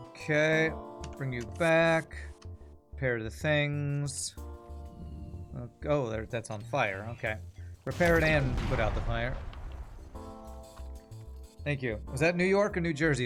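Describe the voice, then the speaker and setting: A man streaming a video game, chatting with viewers in a rambling, self-mocking way. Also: mid-range voice. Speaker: streamer and gamer. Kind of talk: casual chat while playing a game.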